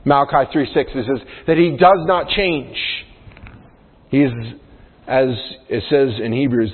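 A male pastor delivers an earnest sermon, turning again and again to his congregation with questions. His voice sits at an ordinary pitch. The sound is thin and phone-like, trailing off in a long church-hall reverb. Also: moderate pace.

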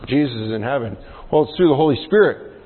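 Earnest pastor preaching in a reverberant hall. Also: male voice, medium pitch, lively intonation, quick pace, breathy edge. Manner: earnest, asks the congregation many questions. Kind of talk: sermon. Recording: tinny phone-like sound with long hall reverb.

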